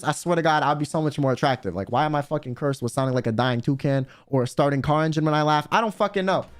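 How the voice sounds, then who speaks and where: Young male streamer, high and expressive, comedic and profane, light background music. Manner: animated, profane, joking. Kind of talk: casual comedic commentary.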